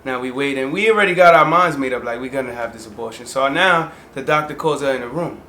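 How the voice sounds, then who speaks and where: A man's voice: medium pitch, fast talker, sharp tone. A young man co-hosting a vlog, who jumps in to take over a personal story in a laid-back, casual way. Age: young adult. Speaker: co-host vlogger. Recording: echoey room with faint noise.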